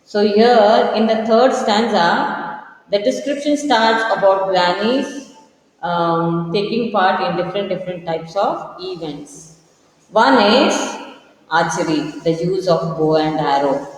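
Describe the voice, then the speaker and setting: A woman teacher explaining a poem to pupils, repeating key lines and explaining words slowly. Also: medium pitch. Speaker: school teacher. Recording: echoey room with long reverb.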